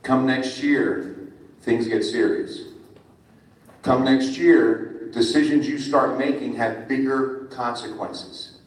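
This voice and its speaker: A middle-aged man from New Jersey giving a friendly, animated speech to students as a guest speaker at a school ceremony. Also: medium pitch, takes it slowly. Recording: echoey hall from far off, faint ambience.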